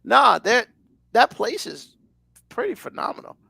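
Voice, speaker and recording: Gravelly man chatting loosely. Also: very high voice, huge pitch swings, a little slow, pushed and bright, no echo, clean studio sound. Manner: rambling, loose, lots of fillers. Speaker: podcast co-host. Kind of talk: casual chat.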